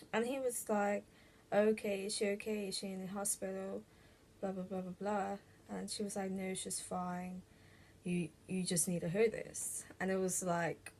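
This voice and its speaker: A young woman telling a personal story to camera in a casual vlog, halting and full of "like" and restarts. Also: medium pitch, darkish tone. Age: young adult. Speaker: vlogger.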